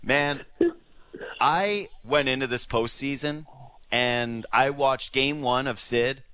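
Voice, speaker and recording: A man in casual sports talk, worked up and ranting, with a bright, forceful edge to his voice. His sentences keep breaking off and restarting as he vents. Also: mid-range voice, takes it slowly, clean tone. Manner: ranting, animated, swears, trails off into restarts. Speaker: sports radio co-host.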